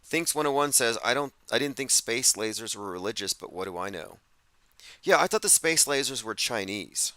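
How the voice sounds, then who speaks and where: A man's voice: mid-range voice, animated, normal speed, pushed and bright, no room sound. A man hosting a casual livestream show, talking sardonically and reading out viewers' chat comments. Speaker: host.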